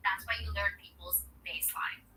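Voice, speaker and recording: Brief: bright, animated woman expert on a TV set heard from across an echoey room, acting out examples. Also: medium pitch, moderate pace, distant mic. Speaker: body language expert guest on TV. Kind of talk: TV interview, explaining.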